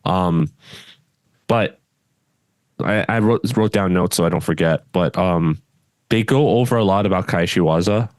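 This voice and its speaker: A man's voice: deep voice, a little slow, long pauses, no echo. A man co-hosting a podcast, chatting casually and bluntly, often trailing off and restarting his sentences. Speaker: podcast co-host.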